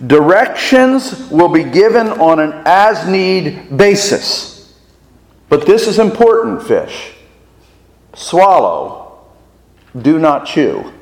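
A pastor putting on God as a no-nonsense boss. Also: male voice, a little high, big pitch swings, takes it slowly, long pauses, big-room sound, full character voice. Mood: instructing. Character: God giving orders to a fish, matter-of-fact boss.

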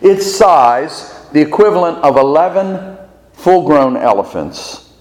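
A man preaching a sermon as pastor, deliberate and fond of rhetorical questions and repetition, in a reverberant church sanctuary. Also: a little high, lively intonation, darkish tone.

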